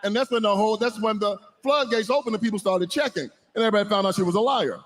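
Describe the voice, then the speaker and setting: A man on a political panel, speaking forcefully with rising emphasis. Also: high-pitched, racing. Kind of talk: heated political panel talk.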